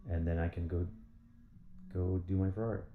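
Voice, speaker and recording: A man's voice: low-pitched, steady tone, moderate pace, narrow, tinny audio, slight background noise. Rambling, profane man ranting in a roomy space. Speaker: vlogger. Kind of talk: casual monologue.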